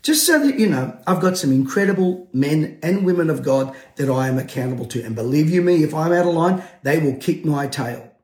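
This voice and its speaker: Man, pastor, combative preaching, forceful, shouting, echoey room. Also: fairly high pitch, expressive, fairly quick, hardly any pauses. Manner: forceful, combative, rising to shouts with jovial laughs. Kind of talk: impassioned preaching to camera. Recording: roomy echo.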